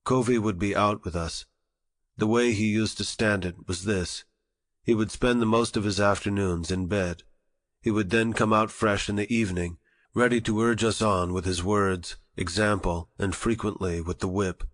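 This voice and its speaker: A man narrating an audiobook in a measured, formal reading style. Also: lowish voice, steady tone. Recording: long reverberant echo.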